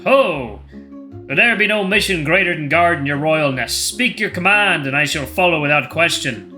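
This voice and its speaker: Lion royal guard, male, blustering and loyal, put-on accent, loud, bright tone; played by a man. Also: a little high, expressive, normal speed, soft background music. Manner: loud, bumbling, old-fashioned speech.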